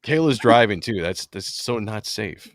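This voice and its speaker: A man's voice: on the low side, lively intonation, unhurried, gravelly, no echo. A man hosting a casual podcast, chatting about comics and reading viewer comments aloud, sometimes stumbling over the wording. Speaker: podcast host.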